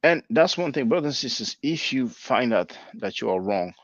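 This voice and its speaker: A man's voice: mid-range voice, animated, normal speed, no echo, lo-fi sound. A man in his forties hosting his channel, reading viewer comments aloud and answering them in casual commentary. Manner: conversational, spells words out, laughs at comments. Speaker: channel host reading live chat.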